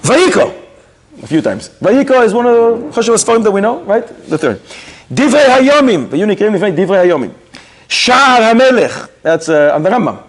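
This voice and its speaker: A man's voice: high-pitched, very animated, moderate pace. A middle-aged man teaching a Torah class in a sermon style, with Yiddish-inflected Hebrew words, rising sharply into mock rebukes. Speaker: rabbi giving a Torah class.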